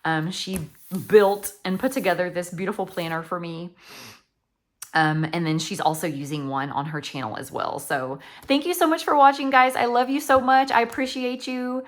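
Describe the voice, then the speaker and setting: A woman's voice: fairly low pitch, moderate pace. A woman, chatting casually as a craft vlogger, gushing and rambling with lots of likes and ums. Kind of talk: casual chatty flip-through.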